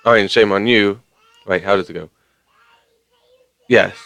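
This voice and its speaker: A man's voice: fairly low pitch, a little slow, gravelly, fairly bright tone, dry recording. A man ranting casually to his viewers, rambling along with lots of fillers and mild swearing. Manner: conversational, many fillers. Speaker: vlogger. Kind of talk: casual rant to camera.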